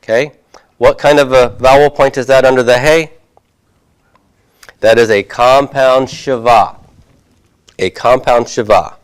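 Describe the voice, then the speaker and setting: Slow, deliberate male Hebrew teacher. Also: fairly low pitch. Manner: slow, deliberate explanation with frequent fillers and check-ins; writes on a board while he talks. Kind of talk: recorded classroom lecture.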